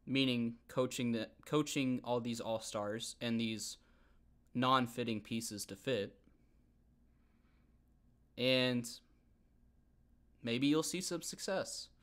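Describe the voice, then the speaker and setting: Heated young man ranting. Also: medium pitch. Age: young adult. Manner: heated, animated, repeats himself. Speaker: podcast host. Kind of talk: casual sports rant.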